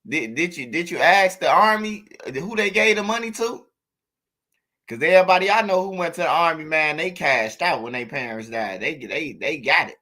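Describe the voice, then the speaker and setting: A man's voice: on the high side, lively intonation, normal speed, sharp tone. A man asking pressing, incredulous questions in casual chat.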